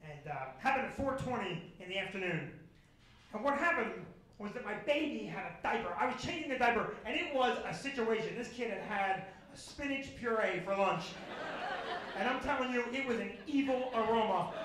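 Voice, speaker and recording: High-voiced man doing stand-up. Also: normal speed. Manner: animated, building to loud exasperated punchlines. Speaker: stand-up comedian. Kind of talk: stand-up storytelling. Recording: echoey live room.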